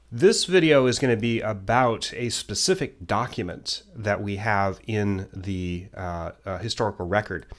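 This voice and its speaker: A man with a somewhat low voice teaches a history class straight to the camera. He talks in a relaxed, unscripted way, often stopping on ums and uhs and dropping self-deprecating asides. It sounds like a desk mic in a home setup.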